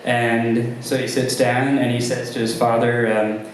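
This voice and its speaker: A young man doing a stand-up comedy set, talking haltingly with many ums and restarts. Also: mid-range voice, little pitch movement, recorded from a distance, a little hiss or hum. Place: comedy club room with a live audience. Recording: very roomy live room sound.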